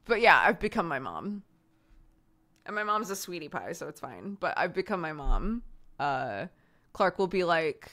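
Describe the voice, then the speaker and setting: Lively bright-voiced woman streamer. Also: fairly low pitch, measured pace. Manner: animated, laughs often, voices family members in quotes. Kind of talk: casual storytelling chat.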